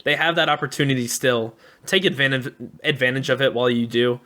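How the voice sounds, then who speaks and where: A man co-hosting a sports podcast, giving his takes in an eager, upbeat way and thanking listeners as he goes. His voice is mid-pitched and bright, with a casual, chatty delivery. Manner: upbeat, enthusiastic opinions, quick asides. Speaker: podcast co-host.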